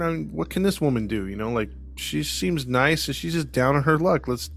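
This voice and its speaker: A man's voice: a little high, measured pace, a bit bright. A man hosting a podcast, retelling a case in casual chat, acting out the quoted voices with frequent laughs. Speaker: podcast host.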